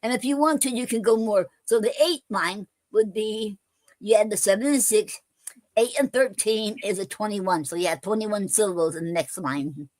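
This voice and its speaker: A woman hosting a poetry show, explaining a poem form in halting casual talk with many fillers and restarts. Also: medium pitch, a little mellow, dry recording. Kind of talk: casual live-stream chat.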